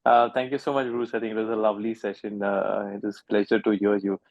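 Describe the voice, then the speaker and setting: A man with a gravelly voice asks a question in an online session, hesitant and searching for words. The call audio is dull and lo-fi, and the sound is dry. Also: on the low side, level tone, fast talker, a little mellow, no echo. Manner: hesitant, many fillers and restarts. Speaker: participant asking a question. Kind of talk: casual question in a webinar.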